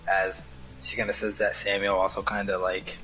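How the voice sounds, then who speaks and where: A man's voice: fairly low pitch, completely flat delivery, normal speed, bright, forceful tone, faint music behind, poor audio. A young man narrating as game master, rambling and filling gaps with lots of fillers.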